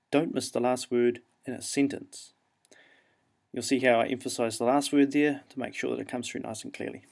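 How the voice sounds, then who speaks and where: Gravelly New Zealand man teaching. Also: medium pitch. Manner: relaxed, explanatory, frequent ums and uhs. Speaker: English teacher. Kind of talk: classroom instructional talk.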